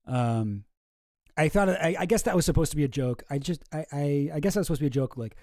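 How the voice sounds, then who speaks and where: A man's voice: a little high, animated, fast, darkish tone, dry recording, clean studio sound. A man chatting casually on a livestream in a rambling, offhand way that often trails off. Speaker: streamer and video creator.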